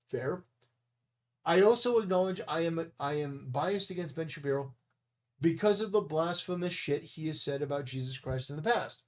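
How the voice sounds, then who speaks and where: A man's voice: a little high, moderate pace. Blunt, combative male commentator. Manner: blunt and combative, insulting and dismissive. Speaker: commentary channel host. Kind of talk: opinion commentary monologue.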